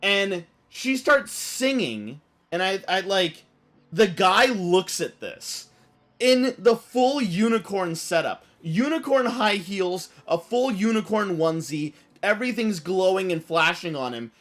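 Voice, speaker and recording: A man streaming a game, telling a story in an animated, rambling way full of fillers. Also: sits high, a little slow. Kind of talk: casual storytelling while playing.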